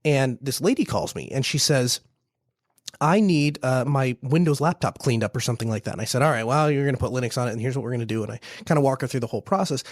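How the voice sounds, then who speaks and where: Man, 30s, business owner. Quick, rambling storyteller with lots of restarts. Dry, close sound. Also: mid-range voice, no room sound. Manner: fast, rambling, many restarts and repeats. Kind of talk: casual podcast storytelling.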